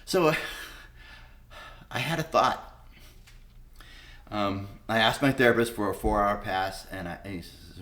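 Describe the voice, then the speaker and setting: In an unhurried, lowish voice with a bit of brightness, a middle-aged man pauses often while relating his recovery story. His testimony is candid and unrefined, peppered with profanity and re-created conversations from his past.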